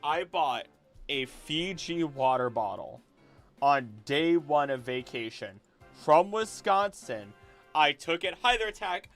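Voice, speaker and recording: A man's voice: fairly high pitch, lively intonation, takes it slowly, a bit bright, faint music behind. A young man hosting a casual live stream from home, rambling and chatting and laughing often. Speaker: livestream host. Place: home room.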